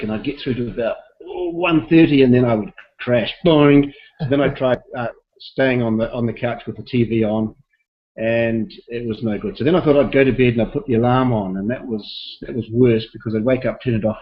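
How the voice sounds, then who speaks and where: A man's voice: medium pitch, steady tone, brisk. A man hosting a team call, chatty and upbeat, rambling with fillers as he welcomes people over a video call. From South Pacific, not Australia. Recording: dull lo-fi call audio.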